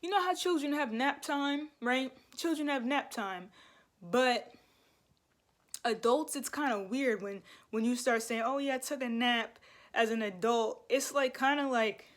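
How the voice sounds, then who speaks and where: A woman's voice: high voice, measured pace. A young woman vlogging to camera in a loose, rambling way, full of fillers. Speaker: spiritual vlogger. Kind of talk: casual talk to camera.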